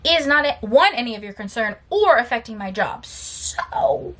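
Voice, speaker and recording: A young adult woman chatting casually as a book vlogger, tired but animated, telling stories with sassy, emphatic asides. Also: fairly high pitch, brisk.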